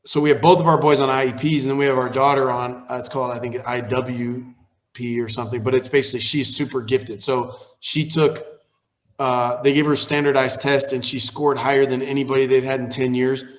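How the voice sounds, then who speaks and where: A man's voice: mid-range voice, a little fast. A man in his forties, a pastor, telling a personal story on a call in a candid, conversational way that turns heated. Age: 40s. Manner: candid, grows heated and animated while recounting. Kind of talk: casual storytelling on a training call.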